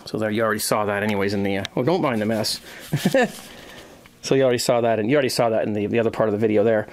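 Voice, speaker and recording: A man hosting a casual homebrewing vlog, talking in a halting way with many restarts and plenty of thanks. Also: lowish voice, animated. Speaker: homebrewing vlogger.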